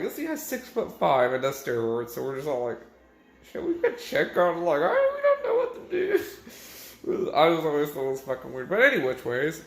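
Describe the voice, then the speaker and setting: A man's voice: mid-range voice, a bit bright. A drunk young man rambling crudely to camera, swearing and laughing at his own jokes. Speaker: vlogger. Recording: echoey room.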